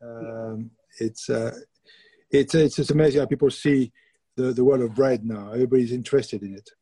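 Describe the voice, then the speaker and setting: Mellow French-accented man, husky and dry. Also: medium pitch, fairly even intonation, moderate pace, low-quality recording. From France. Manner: laughing, anecdotal, plainspoken. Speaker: baker and guest. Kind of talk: casual interview chat.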